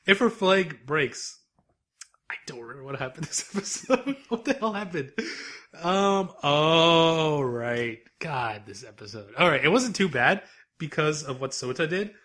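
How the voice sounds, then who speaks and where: A man co-hosting a podcast, recapping anime episodes in casual, animated chat and laughing often. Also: a little high, unhurried. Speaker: podcast co-host.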